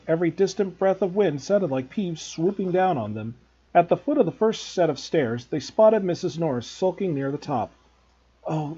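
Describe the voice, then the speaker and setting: A male teacher reads a children's novel aloud with a husky, mellow voice and a lively, expressive lilt. His pitch sits a little high. The recording is dull and lo-fi. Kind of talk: storybook read-aloud narration.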